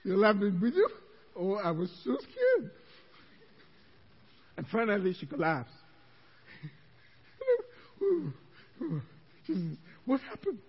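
A male pastor preaching a sermon, telling a story with animated delivery and frequent laughter. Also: high-pitched, slow pace, pauses often, breathy edge, long reverb tail, dull audio.

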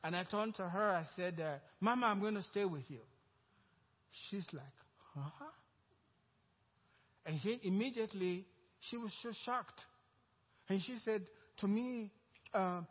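A pastor with a Nigerian accent preaches a sermon built around a personal story, acting out the dialogue and growing louder and more excited as he goes. His voice sits high and is husky, a little slow, with frequent pauses. The recording has a long reverb tail and the highs are cut off.

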